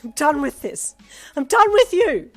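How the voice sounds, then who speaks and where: A woman's voice: on the low side, level tone, unhurried, darkish tone, faint music behind. A woman voicing a timid teenage girl who stammers and hesitates. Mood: screaming. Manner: hesitant, stammering, then screaming.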